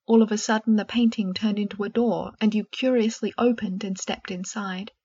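A woman with a husky voice narrating a second-person fan-fiction story in a soft, gentle way. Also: mid-range voice, steady tone, moderate pace, muffled recording.

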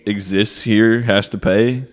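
A man's voice: lowish voice, steady tone, slow pace, big-room sound. A man co-hosting a casual podcast chat, laid-back and joking. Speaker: podcast co-host.

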